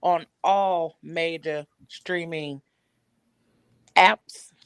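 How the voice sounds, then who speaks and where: A woman's voice: lowish voice, fairly even intonation, extremely slow, clear, resonant tone, no echo. A woman guest on a casual podcast, upbeat and talkative, explaining her views earnestly. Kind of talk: casual chat.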